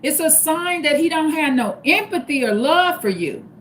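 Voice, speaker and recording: A woman's voice: sits high, lively intonation, normal speed, fairly bright tone, a little hiss or hum. A woman hosting a live stream, giving casual advice in a repetitive, emphatic way that spells each point out step by step. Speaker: livestream host.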